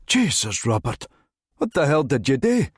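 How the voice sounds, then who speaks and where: A man voicing a terrified, rough-spoken middle-aged builder with a thick Sutherland accent, cursing and pleading in panic. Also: mid-range voice, sing-song, normal speed, dry recording, pitched above the performer's own voice. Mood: panicked. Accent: Sutherland Scottish.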